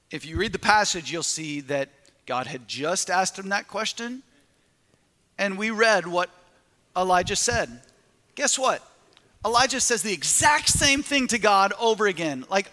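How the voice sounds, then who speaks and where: A man's voice: high voice, expressive, a little slow, long pauses, bright, forceful tone, long reverb tail. A man preaching a sermon as lead pastor, with rising emphasis and rhetorical questions to the congregation.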